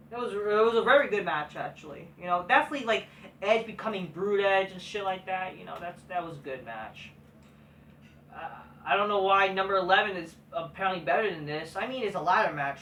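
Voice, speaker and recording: A man ranting in scornful, heavily sworn commentary, often building to a yell. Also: high voice, a little hiss or hum. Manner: scornful, swearing, rising to yelling. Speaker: wrestling commentary vlogger. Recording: roomy echo, far from the mic.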